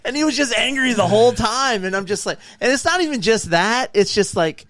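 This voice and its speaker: A man's voice: very high-pitched, brisk, a crowd in the background. Guy cohosting a chill podcast, tells stories acting out everyone, voice jumps all over. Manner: animated anecdotes acting out quoted people. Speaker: podcast co-host. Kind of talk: casual chat, storytelling.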